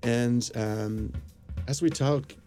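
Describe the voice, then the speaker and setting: A man's voice: medium pitch, extremely slow, dark tone, soft background music. A man casually telling a personal anecdote, rambling with lots of fillers and quoted dialogue. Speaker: storyteller. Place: Los Angeles area.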